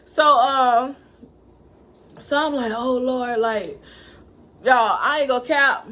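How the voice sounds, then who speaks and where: A young adult woman telling a dramatic personal story to her viewers in a lively, animated way. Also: high voice, takes it slowly, pauses often. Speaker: vlogger. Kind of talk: storytime vlog.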